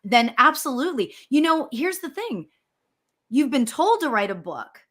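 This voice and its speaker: A middle-aged woman, a spiritual medium, hosting a casual chat, animated and quick to laugh. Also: high-pitched. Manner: animated, laughs often, squeals when excited. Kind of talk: casual chat on a live show.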